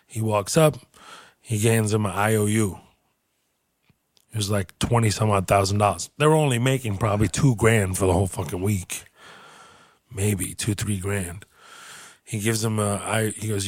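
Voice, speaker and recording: A man's voice: lowish voice, normal speed, long pauses, no echo. Profane storytelling man on a dry close mic. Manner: profane, animated anecdote-telling with put-on quoted voices. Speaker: podcast host and comedian. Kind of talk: casual podcast storytelling.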